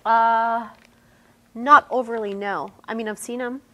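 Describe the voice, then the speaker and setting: A woman's voice: fairly high pitch, steady tone, a little slow, pushed and bright. An actress playing an adoring, insecure young woman student who gushes and lifts the ends of her statements like questions. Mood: gushing. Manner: gushing, upward-inflected statements.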